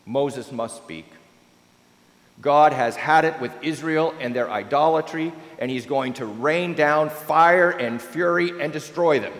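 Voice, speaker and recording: Male pastor, sermon, lively swinging pitch, echoey church with long reverb. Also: unhurried. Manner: expressive preaching, swelling and dropping to near-whispers.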